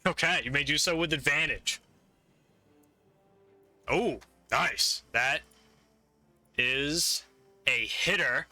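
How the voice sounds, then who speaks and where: A man with a very bright, forceful voice runs a tabletop game as game master. He narrates the combat in vivid detail and laughs often. The sound is dry and close. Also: on the high side, takes it slowly, long pauses, no room sound, faint music behind.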